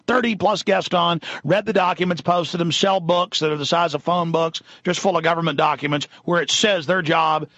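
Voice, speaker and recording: A man's voice: high voice, creaky, a bit bright, no room sound, dull audio. Indignant ranting male talk radio host. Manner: ranting, indignant, reads news items aloud. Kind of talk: impassioned talk radio monologue.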